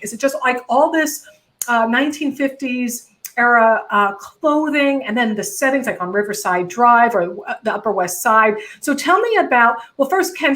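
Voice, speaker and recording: A woman hosting a casual video chat with comedian friends, joking with dark humor. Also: a little high, low-quality recording. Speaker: host.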